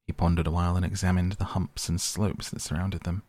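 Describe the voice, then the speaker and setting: A man narrating a storybook in a measured, steady reading voice. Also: low voice, dry recording. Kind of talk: audiobook narration.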